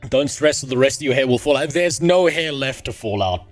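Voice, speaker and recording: A man's voice: medium pitch, animated, moderate pace, soft background music. A man livestreaming who greets his chat and rants angrily, swearing constantly. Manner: angry profane ranting. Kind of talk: casual live-stream chat.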